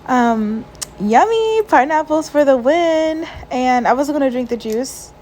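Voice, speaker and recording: A woman with a voice set a little high, speaking in a casual vlog voiceover while lying down at home. She sounds emotional and stressed, sighs often, and keeps reaching for "like" between her thoughts. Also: lively intonation, measured pace, slight background noise, low-quality recording. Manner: soft, sighing, frequent "like" fillers. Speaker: vlogger. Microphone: voiceover mic.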